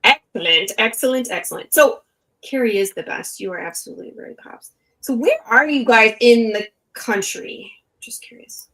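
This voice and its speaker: A woman's voice: fairly high pitch, animated, moderate pace, pushed and bright, poor audio. Chatty Midwestern woman hosting. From Michigan. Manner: chatty, laughs often. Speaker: podcast host. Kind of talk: casual chat.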